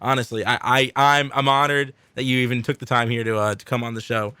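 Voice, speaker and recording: A man's voice: medium pitch, level tone, fast talker, sharp tone, clear, resonant tone, no echo. An American man hosting a casual podcast, goofy and cracking jokes at his own lines. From United States. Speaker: podcast host.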